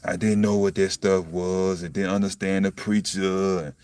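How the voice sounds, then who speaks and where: A young man with a low, gravelly voice talks about faith in a loose, blunt way, swears freely and keeps checking in with "you see what I'm saying." He bursts into loud laughs now and then. The sound is dry and comes from a little way off the mic. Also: little pitch movement, normal speed, no echo, recorded from a distance. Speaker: self-styled preacher vlogger. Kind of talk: casual spiritual monologue.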